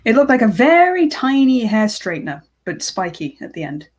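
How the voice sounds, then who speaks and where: A woman's voice: a little high, big pitch swings, normal speed. A woman co-hosting a casual film chat, recounting the plot dryly with many hesitant fillers. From Britain. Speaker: co-host.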